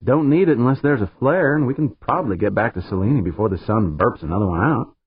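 A man's voice: medium pitch, expressive, fast talker, slightly rough, no echo, pitched above the performer's own voice. A man narrating an audiobook voices a brash, confident young woman pilot in a raised, breezy voice. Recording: narrow phone-like sound, dry.

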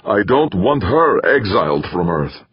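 A man with a deep, husky voice playing a proud, weary male engineer in exile, speaking tersely and holding himself back. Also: big pitch swings, measured pace, lo-fi sound, heavily acted. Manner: terse, restrained.

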